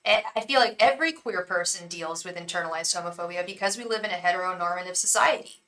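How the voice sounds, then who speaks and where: Frank chatty woman doing a live tarot reading, bright voice, a bit far from the mic. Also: on the low side, fast talker. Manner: frank, chatty, swears casually. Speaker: tarot reader and psychic.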